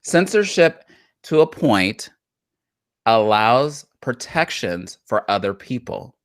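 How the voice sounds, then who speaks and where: A woman's voice: rumbling low, big pitch swings, takes it slowly, no echo, clean studio sound. A woman co-hosting a live talk show, chatting casually about politics and repeating phrases for emphasis. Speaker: podcast co-host.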